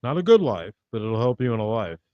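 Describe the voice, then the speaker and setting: A man doing live-streamed stand-up comedy, delivering wry, rambling one-liners in a deadpan manner. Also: mid-range voice, quick pace, no echo. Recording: dull dry lo-fi recording.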